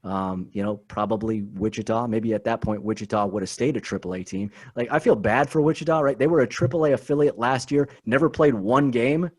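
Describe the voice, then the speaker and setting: Emphatic man talking fast on a podcast. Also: medium pitch. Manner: animated, emphatic, repeats words. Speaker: guest, team spokesman. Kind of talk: casual podcast chat.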